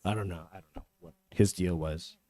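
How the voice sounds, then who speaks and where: A man's voice: deep voice, fairly even intonation, fairly quick, mellow, no echo. A man voice actor speaking casually and playfully on a convention panel. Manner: jokey, playful.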